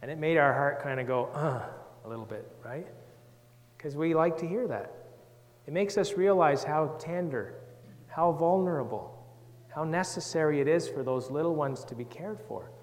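A man giving a gentle Bible talk to children, reading verses and asking them questions. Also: on the high side, normal speed, in a large hall. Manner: gentle, reads scripture aloud, asks the children questions. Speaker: children's Sunday school teacher.

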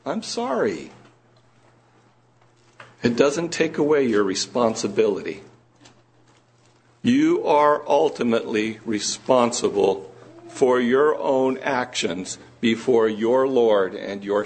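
A man preaching a sermon to a congregation in a church room, earnest and slow, pressing his listeners with rising questions. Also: medium pitch, lively intonation, breathy edge.

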